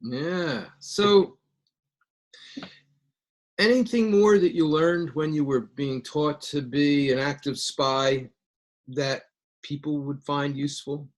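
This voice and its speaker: A man's voice: on the high side, takes it slowly, long pauses. Conversational male talk show host. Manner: conversational, stumbles over words. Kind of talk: interview questions.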